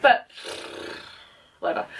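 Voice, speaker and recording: A woman's voice: slow pace, phone-quality sound. A young woman with a British accent, rambling and giggling through casual vlog outtakes, often mocking herself. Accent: British English. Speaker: vlogger.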